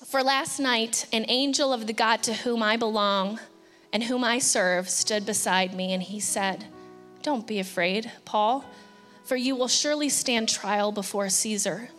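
A woman pastor preaching a sermon with passion, sometimes acting out anxious pleas and dropping to a hushed voice. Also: fairly high pitch, moderate pace, big-room sound, soft background music.

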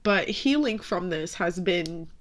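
A young American woman host speaks in a somewhat low voice, candid and emotional. She talks openly, swears now and then, and holds back tears as she tells her story. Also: expressive, slow, a little hiss or hum. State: tearful. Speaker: podcast host.

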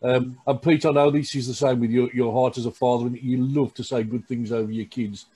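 A man hosting as pastor, speaking in a gentle, affirming way. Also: medium pitch, fairly even intonation, a little fast, husky. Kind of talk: casual chat.

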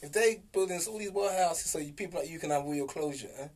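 A man's voice: a little high, darkish tone. A young man, co-hosting a casual, argumentative podcast chat full of slang and jokes. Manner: fast, argumentative, jokey with slang. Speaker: podcast co-host.

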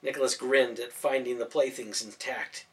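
A man's voice: mid-range voice, normal speed. Man narrating a storybook from off-mic. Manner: expressive storytelling. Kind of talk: audiobook narration. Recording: voice from a distance off mic.

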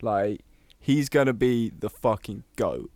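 A man's voice: lowish voice, slow, warm tone, no room sound. A young man, co-hosting a casual podcast, swearing freely and teasing his friend in rambling banter. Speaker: podcast co-host.

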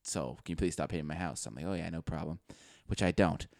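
A young man, co-hosting a podcast and telling a story in casual chat, animated and laughing as he swears. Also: extremely low pitch, fast talker, creaky, no room sound, studio quality. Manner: animated, laughs through his own story, swears freely. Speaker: podcast co-host.

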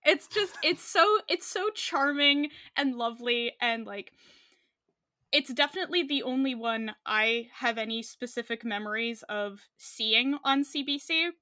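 A woman's voice: on the high side, unhurried, bright, forceful tone, no room sound, clean studio sound. A young Canadian woman co-hosting a podcast, chatting casually with many fillers and frequent laughs. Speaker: podcast co-host. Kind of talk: casual chat.

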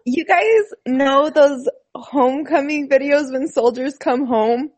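A woman's voice: high voice, slow, darkish tone. A woman chatting casually, earnest and emotional, who laughs easily. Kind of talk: casual chat.

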